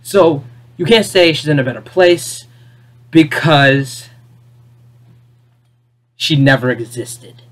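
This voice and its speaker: Ranting off the cuff to camera about a cartoon's finale, an exasperated vlogger lurches between loud disbelief and flat, deflated mumbling. The delivery is animated but slow, with long pauses, circling back to the same points and posing rhetorical questions.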